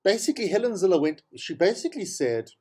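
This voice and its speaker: A man's voice: high-pitched, very animated, quick pace, dark tone. A man with a South African accent hosting a talk show, giving an exasperated, sarcastic commentary on politics and repeating himself for emphasis. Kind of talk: opinionated political commentary monologue.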